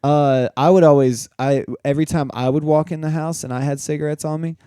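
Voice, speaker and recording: Mellow, smooth-voiced young man telling stories. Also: a little high, fairly even intonation, fairly quick, no room sound, studio quality. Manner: laid-back storyteller, swears freely, acts out quotes. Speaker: podcast co-host. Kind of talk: casual chat.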